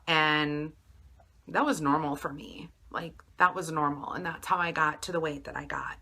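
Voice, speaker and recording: Woman vlogger from Wisconsin, bright forceful tone, chatty and rambling, confessional. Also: mid-range voice. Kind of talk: confessional weight-loss vlog.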